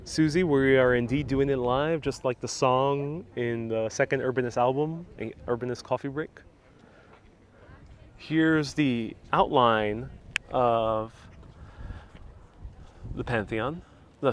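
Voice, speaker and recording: A man's voice: medium pitch, slow pace, pauses often. Male live-stream travel host, native Spanish speaker, chatty and giggly, phone mic outdoors. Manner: chatty, laughs often, reads viewer comments aloud. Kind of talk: casual live-stream tour chat. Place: outdoors at a hilltop historic site. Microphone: phone on a gimbal with a wireless mic.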